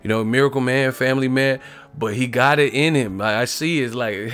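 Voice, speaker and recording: A man's voice: medium pitch, brisk, fairly bright tone, faint music behind. A young man hosting a boxing livestream, rambling and joking in casual, profane chat.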